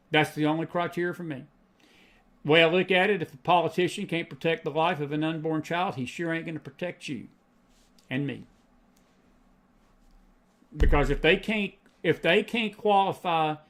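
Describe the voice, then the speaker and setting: A man's voice: fairly high pitch, a bit bright. A middle-aged man hosting a live faith and politics show, preaching in a folksy way, repeating lines for emphasis and answering chat comments.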